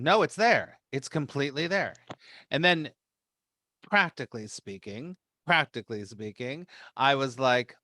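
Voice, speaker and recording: A man leading a spiritual meeting, telling a personal story in a rambling, animated way, acting out his own reactions. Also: mid-range voice, normal speed, no room sound, studio quality. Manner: rambling with frequent restarts. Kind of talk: casual storytelling to a group.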